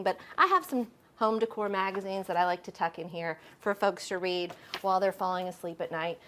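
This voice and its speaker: A middle-aged woman gives a relaxed tour of her home. Her voice sits a little low, and she chats easily, peppering her talk with "um" and "you know.". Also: fairly quick, few pauses, a little hiss or hum. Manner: chatty and friendly, with frequent fillers. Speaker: homeowner giving a home tour. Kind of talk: casual home tour chat.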